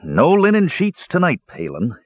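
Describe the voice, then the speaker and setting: A man's voice: fairly low pitch, sing-song, fairly quick, husky, dry recording, dull audio. A man voicing a jovial young warrior with an easy, good-humoured way of talking. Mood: easygoing.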